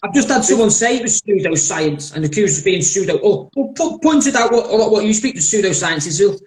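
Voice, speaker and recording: A man's voice: high voice, expressive, fairly quick. A man hosting a live podcast, blunt, sweary and rambling. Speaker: podcast host. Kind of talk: heated live-stream chat. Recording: roomy echoey live stream.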